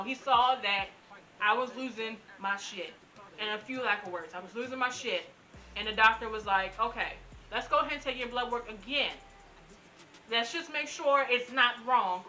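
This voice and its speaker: A woman in her twenties telling her own story in a casual, animated way, acting out what people said. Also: a little high, poor audio. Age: 20s. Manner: animated, acts out quotes. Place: room at home.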